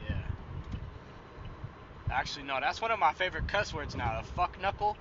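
A man's voice: fairly high pitch, big pitch swings, normal speed. A young man co-hosting a casual podcast, rambling and cursing and laughing as he talks from inside a car. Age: young adult. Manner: profane, rambling, laughs a lot. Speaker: podcast co-host. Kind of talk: casual chat. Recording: dull lo-fi sound with road noise.

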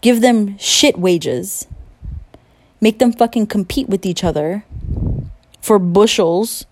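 A woman's voice: medium pitch, slow pace, a little mellow, a little hiss or hum. A young woman in a late-night rant, angry and profane, with heavy emphasis on her words. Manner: mocking whiny voice when imitating others. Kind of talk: late-night ranting monologue.

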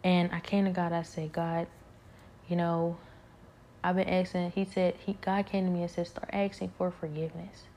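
A woman talking earnestly about her faith on a podcast, halting often and slipping into soft whispered prayers. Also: fairly low pitch, level tone, a little hiss or hum. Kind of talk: personal faith reflection.

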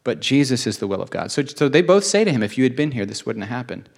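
A man's voice: mid-range voice, big pitch swings, quick pace, creaky. A man preaching a sermon, earnest and emotional, repeating phrases for emphasis.

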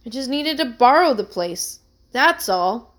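A woman's voice: fairly high pitch, expressive, a little slow, voice pushed up. Woman voicing an anxious young man, pleading. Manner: earnest and pleading. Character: anxious young man, a struggling musician accused of theft.

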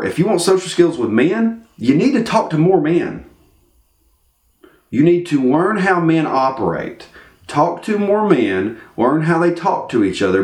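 A man telling a story in casual talk and acting out the voices in it. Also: a little high. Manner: animated, acts out the voices in his story. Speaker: storyteller giving life advice. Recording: echoey room.

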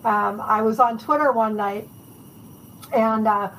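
A woman author telling lively anecdotes in a casual interview, chatting and laughing as she goes. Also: on the high side, slow pace, slight background noise, low-quality recording.

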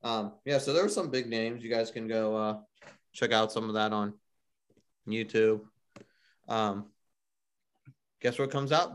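A man's voice: lowish voice, measured pace, pauses often, smooth. A man co-hosting a casual music news chat, rambling and filling with "like" a lot. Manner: rambling, heavy use of "like". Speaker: podcast co-host.

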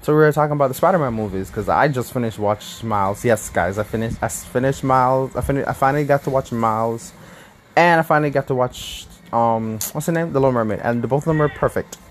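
A young man casually telling a story to his viewers, animated, laughing often and restarting his sentences. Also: mid-range voice, fast, slight background noise. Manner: animated, laughing, self-correcting. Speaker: vlogger.

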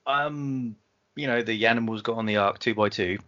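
A man's voice: lowish voice, normal speed, pushed and bright, dull audio. A British man co-hosting a podcast, joking and swearing as he riffs on stories. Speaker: podcast co-host. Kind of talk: casual banter.

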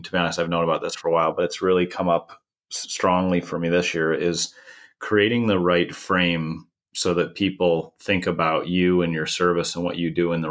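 A man's voice: deep voice, a bit bright. A man from the United States explaining a marketing idea in a conversational podcast, with many restarts. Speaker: marketing consultant.

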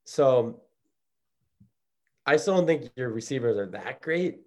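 A man's voice: medium pitch, warm tone. A man co-hosting a casual sports podcast, talking in a loose, rambling way. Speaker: podcast co-host.

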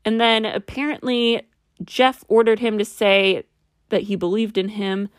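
A woman's voice: medium pitch, little pitch movement, measured pace, no echo, studio quality. Wry, skeptical woman storyteller. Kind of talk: casual true-mystery storytelling.

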